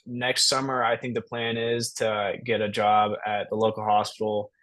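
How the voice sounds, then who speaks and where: A man's voice: lowish voice, completely flat delivery, normal speed, fairly bright tone. A young college man from South Carolina answering interview questions politely and easily, with many ums and uhs, over a video call from home. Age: young adult. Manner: polite and easygoing, lots of filler words. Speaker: podcast guest, college student. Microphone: remote video call from home.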